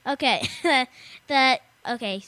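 A woman's voice: high voice, takes it slowly, bright, forceful tone, no echo. A young woman co-hosting a casual tech show, rambling and joking and laughing often as she reads out gadget news. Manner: giggly, rambling, jokey, reads then riffs. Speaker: show co-host.

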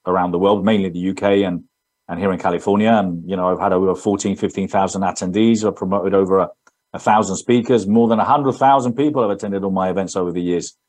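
A man's voice: low voice, steady tone, quick pace, a little mellow. A man in his fifties with an English accent, answering interview questions in an earnest, rambling way with frequent restarts. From England. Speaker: guest entrepreneur.

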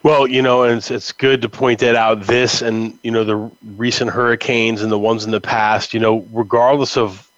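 A man's voice: mid-range voice, level tone, normal speed, hardly any pauses, no room sound. A man hosting a radio interview, speaking loosely and filling his sentences with frequent "you know"s. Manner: loose, with lots of fillers. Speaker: radio show host. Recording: dry, dull lo-fi sound.

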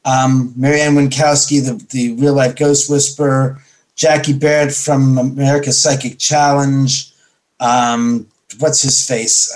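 A man's voice: mid-range voice, a little mellow. A man from Los Angeles, a guest in an interview, telling rambling stories and quoting other people's lines back and forth. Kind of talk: casual interview storytelling.

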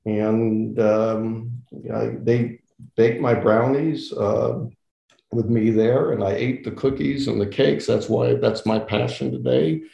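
Gravelly older man telling a story. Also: mid-range voice, takes it slowly, reverberant, lo-fi sound. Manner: animated storyteller acting out quoted voices, laughs often. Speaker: interview guest, entrepreneur. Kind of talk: casual storytelling.

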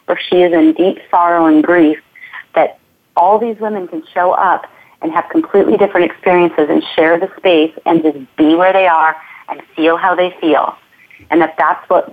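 A woman movement teacher speaking as an interview guest, earnest and flowing, often repeating her phrases. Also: fairly low pitch. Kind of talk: reflective conversational interview. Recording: tinny phone-like line.

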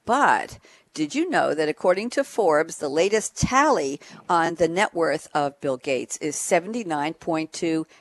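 A woman's voice: deep voice, animated, a little slow. A woman hosting a radio talk show, introducing panel guests with an enthusiastic, emphatic manner and frequent laughs.

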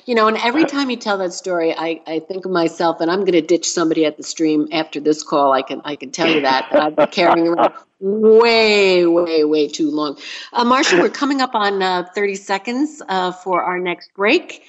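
Woman radio host, enthusiastic, affirming, lowish voice, dull lo-fi sound. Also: a little fast. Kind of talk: radio interview.

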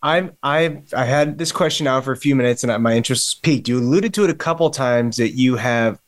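A man's voice: medium pitch, fairly quick. Co-host, man, mid-range voice, loose searching questions. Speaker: interviewer, co-host. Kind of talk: interview questions.

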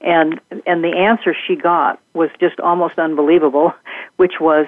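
A woman, a communication trainer, speaking as a guest in an interview, talking in a gentle, measured and reflective way. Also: low voice, steady tone, no echo. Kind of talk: conversational interview. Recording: dry tinny phone line.

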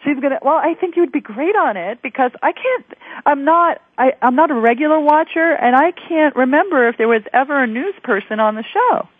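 A woman's voice: high-pitched, lively intonation, fairly quick, no echo. A woman radio host chatting in a talkative, candid and opinionated way during an interview. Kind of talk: interview chat. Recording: tinny phone line, dry.

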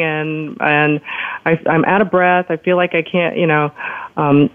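A woman's voice: low-pitched, a little slow, clean tone, no echo. Woman telling a story over a tinny phone line. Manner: lively retelling, acts out quoted doctors. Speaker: guest telling a personal story. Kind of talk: casual storytelling.

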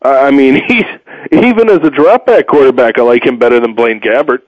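A man hosting a solo sports talk show, opinionated and rambling, with sudden pitch jumps and a tired edge. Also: brisk, no echo. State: tired, low energy. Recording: dull muffled dry sound.

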